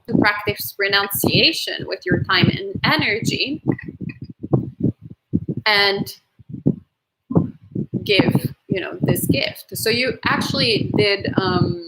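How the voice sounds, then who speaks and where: A woman from Italy, a Buddhist nun, answering viewers' questions in a playful, animated way during a live talk. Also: mid-range voice, creaky, heavy background noise. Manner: animated, laughs often, playful.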